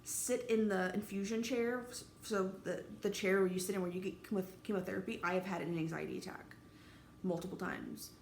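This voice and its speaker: A woman in her thirties speaking directly to camera in a personal vlog, candid and halting, swearing freely and sounding emotionally raw. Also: medium pitch, fairly even intonation. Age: 30s. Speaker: vlogger. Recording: roomy echo, faint ambient noise.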